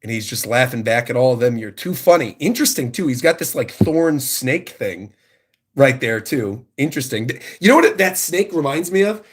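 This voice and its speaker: A man hosting a livestream who reacts excitedly to a new manga chapter and reads the panels aloud. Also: mid-range voice, normal speed, husky. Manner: excited, enthusiastic commentary.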